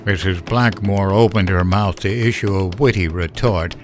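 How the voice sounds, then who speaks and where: A man narrating a horror story in a slow, measured storytelling style. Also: low-pitched, soft background music.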